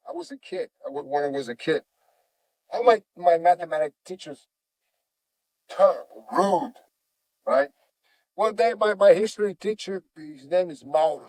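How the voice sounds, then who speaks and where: Animated man in broken English. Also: fairly high pitch, no echo. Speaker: jiu-jitsu master, guest. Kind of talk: storytelling in conversation.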